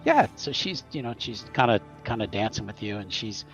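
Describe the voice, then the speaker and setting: A man running a tabletop game as game master, narrating in a halting way and repeating words often. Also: lowish voice, sing-song, a bit bright, muffled recording, faint music behind.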